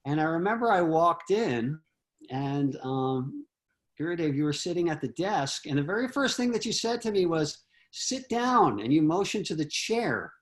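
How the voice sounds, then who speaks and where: A man's voice: on the high side, big pitch swings, moderate pace. A man on a video call, earnestly telling a personal memory with many fillers and restarts. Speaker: disciple giving homage.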